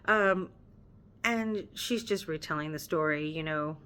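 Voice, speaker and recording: A woman teacher explaining a classic novel, chatty and relaxed, retelling scenes in everyday modern slang. She often stops to recap with "you know" and "she's like.". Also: low-pitched, unhurried, clear, resonant tone. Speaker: teacher reading a novel aloud. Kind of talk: reading aloud with casual commentary.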